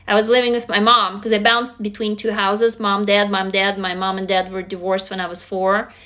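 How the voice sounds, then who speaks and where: A woman's voice: mid-range voice, flat delivery, moderate pace, sharp tone. A woman whose first language is Russian, hosting a casual live stream from a phone, greeting viewers and swearing freely. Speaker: livestream host.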